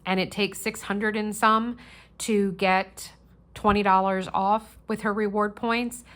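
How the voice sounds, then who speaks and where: A woman's voice: mid-range voice, level tone, slow, a bit bright. A middle-aged woman hosting a crafting channel, chatting casually and earnestly while she works on a diamond painting.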